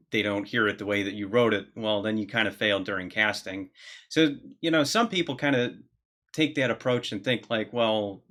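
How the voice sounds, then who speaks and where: A man's voice: lowish voice, fairly bright tone. A man hosting a podcast, a film director explaining his views in a thoughtful, casual way.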